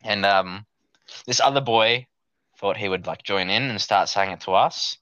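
A man's voice: fairly low pitch, measured pace, no echo. Sweary young man telling stories. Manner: rambling, sweary, animated when acting out his younger self. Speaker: storyteller. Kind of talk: casual storytelling chat. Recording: dull lo-fi dry sound.

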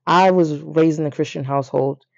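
A young man, casually telling a story on his podcast, animated and playful, jumping up in pitch for emphasis. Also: moderate pace, creaky, no echo. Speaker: podcast host. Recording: dry, slightly dull lo-fi.

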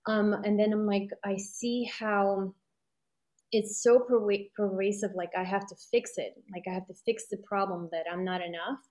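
A middle-aged woman talks through a personal story at an ordinary pitch. She rambles and reflects aloud, leaning on fillers as she goes. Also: steady tone, moderate pace, darkish tone. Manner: rambling and reflective, many fillers, laughs often. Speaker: guest sharing a personal story. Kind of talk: casual conversation.

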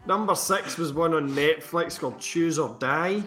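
Guy on a podcast, bright lively voice, swears a lot, faint music behind. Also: on the high side, moderate pace. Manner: sweary, laughing, animated film chat. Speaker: podcast co-host. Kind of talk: casual chat.

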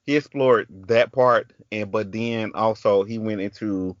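A man with a Southern US country accent hosts a podcast, telling a story in casual chat and doing quoted voices. His voice is lowish and a little slow, in a muffled recording with no echo.

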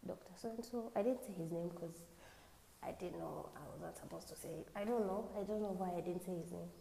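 A woman's voice: mid-range voice, creaky, dark tone, a little hiss or hum, rough recording. A young woman with a Kenyan accent, hosting a podcast and telling a story in a chatty way. She mixes English with Swahili slang and laughs often. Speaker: podcast host. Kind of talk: casual storytelling.

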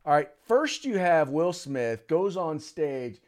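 A man co-hosting a talk podcast, chatting casually. His pitch swings widely as he tells stories and jokes with the others. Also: slow. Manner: joking, animated storytelling. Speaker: podcast co-host. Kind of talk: casual chat.

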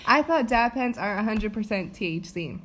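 A woman's voice: medium pitch, animated, normal speed, a bit bright. A young woman co-hosting a podcast in casual chat, giggly and brash, swearing freely. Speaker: podcast co-host.

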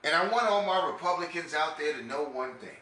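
A brash man with a New York accent rambles through a casual podcast monologue in a bright, forceful voice. He talks loosely and crudely, and an echoey room with faint ambience sits behind him. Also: on the high side, lively intonation, brisk, a little hiss or hum. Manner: brash, rambling and profane, with frequent laughs. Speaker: podcast host.

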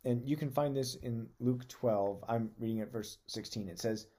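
Mellow-voiced man giving a conversational sermon. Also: medium pitch, moderate pace. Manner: earnest, reads scripture aloud with emphasis. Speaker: podcast preacher.

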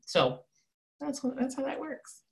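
A woman who coaches women in body language and communication, talking in a casual interview with emphatic, animated delivery and frequent laughter. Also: high voice, a little slow, gravelly.

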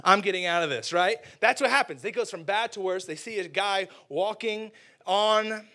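A man preaching a lively, casual sermon, acting out characters and using slang. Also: sits high, normal speed.

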